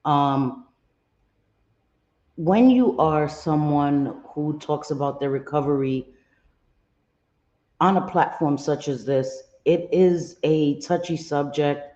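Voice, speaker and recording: A woman's voice: sits low, slow, pauses often, warm tone, reverberant, muffled recording. A woman hosting her livestream, greeting viewers by name and talking earnestly with many ums. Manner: earnest, candid commentary. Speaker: livestream host. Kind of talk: casual livestream chat.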